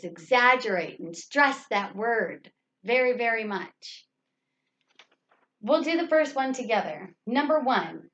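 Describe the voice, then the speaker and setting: A woman teaching an English grammar lesson, speaking patiently and leaning hard on the words she wants stressed. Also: fairly high pitch. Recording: dull lo-fi sound.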